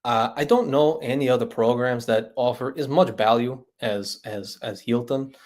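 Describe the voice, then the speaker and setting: A man's voice: medium pitch, normal speed, a little mellow, natural voice. A man putting on a Puerto Rican accent to play an eager grown man who halts and repeats himself while raving about a hotel brand. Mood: gushing.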